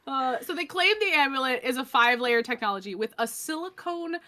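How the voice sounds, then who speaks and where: A woman's voice: sits high, animated, a little fast, hardly any pauses, heavy background noise. A young adult woman co-hosting a casual comedic podcast, sarcastic and swearing, often laughing mid-sentence. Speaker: podcast co-host.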